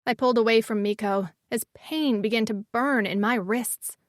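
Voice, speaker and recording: A woman narrating a romance audiobook in the first person, with a measured, intimate reading. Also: on the high side, no echo, clean studio sound.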